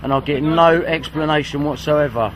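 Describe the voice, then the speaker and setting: A man's voice: on the high side, normal speed, background noise. A man, frustrated and swearing as he films a confrontation on a street. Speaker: vlogger confronting police.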